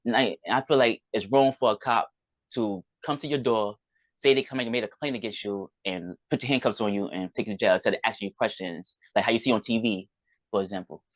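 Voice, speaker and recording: A man's voice: on the low side, fast talker, dry recording. A man, a podcast guest, tells a personal story in rambling conversation, often acting out what others said. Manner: rambling, recounts events with quoted dialogue.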